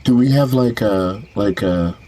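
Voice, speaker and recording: A man at a tabletop game who talks in halting bursts, trailing off and starting over. His voice sits on the low side. A faint hiss runs under the recording. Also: mellow, low-quality recording. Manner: hesitant, with many fillers and restarts. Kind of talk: casual chat and in-character role-play.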